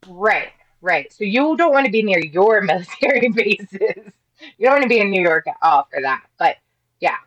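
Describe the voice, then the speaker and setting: A woman's voice: medium pitch, sing-song, moderate pace, fairly bright tone, dull audio. A woman from Ohio, a guest on a podcast, speaking earnestly and rambling, with frequent restarts. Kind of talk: casual interview chat.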